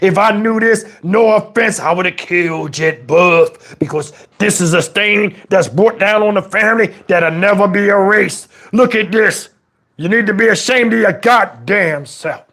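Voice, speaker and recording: A man's voice: sits high, measured pace. A man playing a preachy, outraged elderly father who scolds and swears in a comedic rant. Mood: indignant. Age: older. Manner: exasperated scolding, preachy, swears, shouts at times.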